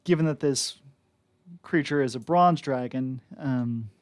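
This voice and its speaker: A man's voice: medium pitch, measured pace, dry recording. Guy dming a tabletop game, chatty and loose, lots of ums, dry close sound. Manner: loose, chatty, with frequent fillers. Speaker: game master.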